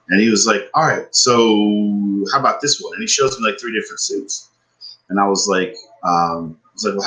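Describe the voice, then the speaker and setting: A man's voice: lowish voice, rough recording. A man, podcast co-host, telling a story in casual chat, swearing often and ranting with frustration. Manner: profane, animated, frustrated ranting.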